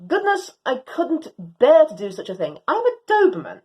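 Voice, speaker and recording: A woman reading a storybook as an excitable, proud young female Doberman, speaking theatrically in grand old-fashioned phrases. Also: high-pitched, normal speed, poor audio. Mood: dramatic.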